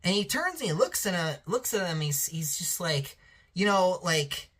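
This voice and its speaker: Bright, animated, rambling male reviewer. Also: high voice, moderate pace, husky. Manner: rambling, profane, lots of restarts and fillers. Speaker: show reviewer. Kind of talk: casual review chat.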